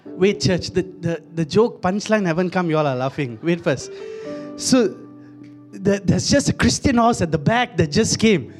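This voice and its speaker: A man's voice: sits high, expressive, normal speed, faint music behind. Joking, chatty male preacher. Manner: humorous, conversational, repeats words. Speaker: pastor. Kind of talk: sermon.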